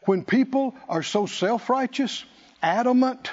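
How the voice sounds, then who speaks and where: High-voiced preacher in an echoing church. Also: male voice, animated, moderate pace, a little mellow. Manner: emphatic, repeats key phrases. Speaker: pastor. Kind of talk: sermon with call-and-response. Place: church sanctuary. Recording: dull lo-fi recording with long hall reverb.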